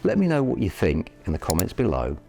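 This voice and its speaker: A middle-aged Yorkshireman with a Northern English accent and a low voice that swings widely in pitch. He delivers a blunt, animated motivational talk and keeps firing rhetorical questions at the listener. Faint music plays underneath. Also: fairly quick, gravelly. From Yorkshire, England. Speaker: property education presenter.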